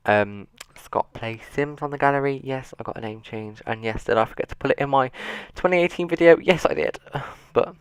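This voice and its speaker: A man's voice: medium pitch, moderate pace, hardly any pauses, clear, resonant tone, no room sound. A man giving casual, rambling commentary on a video game, with self-mocking, dryly sarcastic asides, seated at his computer. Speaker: gaming YouTuber.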